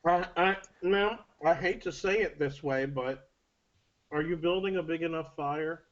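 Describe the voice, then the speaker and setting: A man's voice: fairly high pitch, a little slow. A man playing a tabletop game, asking hesitant, polite questions. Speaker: player. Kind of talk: casual tabletop play. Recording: dull lo-fi audio.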